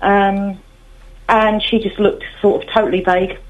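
A woman's voice: medium pitch, level tone, a little slow, highs cut off. A woman caller on a radio phone-in, speaking hesitantly with many fillers.

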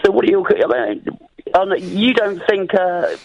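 A man's voice: sits high, measured pace, gravelly, no room sound. A male caller on a radio phone-in who speaks in stiff, formal, wordy phrases. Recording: dull phone-line sound.

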